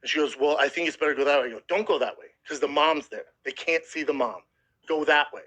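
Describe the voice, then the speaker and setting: On a podcast, a man in his thirties with a slightly high voice speaks quickly over poor audio. Casual and profane, he tells a harrowing story with animated, acted-out quotes, emotional and near tears at times.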